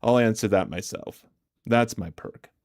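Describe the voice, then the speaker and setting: Laid-back slow-talking man streaming. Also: on the low side, a little mellow, dry recording, studio quality. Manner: laughs often, answers chat aloud. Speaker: livestream host. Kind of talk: casual livestream chat with viewers. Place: home streaming setup.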